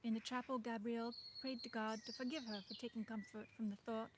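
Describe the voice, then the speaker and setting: A woman putting on the voice of a refined 1950s film actress while reading a novel aloud, measured and lilting, with soft whispered endings to phrases. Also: a little high, steady tone, noisy background, close to an everyday voice. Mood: genteel. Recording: birdsong in the background. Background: birdsong.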